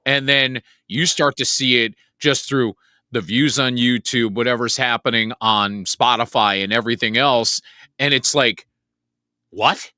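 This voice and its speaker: A male podcast host interviewing a guest, eager and quick to affirm. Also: medium pitch, steady tone, sharp tone, no room sound, studio quality. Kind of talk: casual interview.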